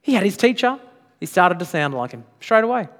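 A man preaching to his congregation in a church sanctuary, his voice sitting slightly high for a man. He presses his points hard and keeps tossing rhetorical questions back at the listeners. The sound carries a long reverb tail from the large room. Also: big pitch swings, fairly quick, fairly bright tone. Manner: emphatic, with frequent rhetorical questions. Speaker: pastor. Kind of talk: sermon.

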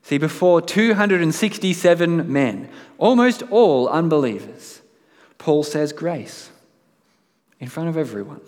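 A man's voice: fairly high pitch, animated, unhurried, darkish tone. A man preaching a sermon in a conversational way, now and then reading aloud with dramatic emphasis. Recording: long hall reverb.

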